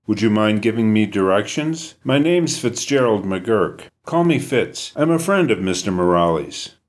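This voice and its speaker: A man's voice: lowish voice, lively intonation, normal speed, close to an everyday voice. A man voicing a friendly adult male biker with a British accent, easygoing and a little teasing, in a storybook reading. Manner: easygoing, patient, slightly teasing.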